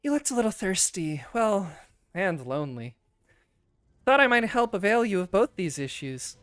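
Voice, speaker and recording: A man's voice: high voice, very animated, moderate pace, no echo, studio quality, faint music behind, voice pushed up. A man voicing a flirty, sweet-talking female wood elf who soothes a seasick stranger. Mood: soothing. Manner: soothing, gently teasing.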